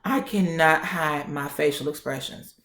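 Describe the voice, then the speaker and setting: Feisty, animated young woman in an echoey room. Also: low-pitched, unhurried. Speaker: vlogger. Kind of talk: casual storytime. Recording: roomy echo.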